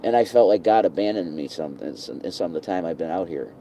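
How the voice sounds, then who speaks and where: A reverend talking casually outdoors in a rambling, profane, preachy rant. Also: male voice, deep voice, lively intonation, quick pace, mellow, a little hiss or hum, poor audio.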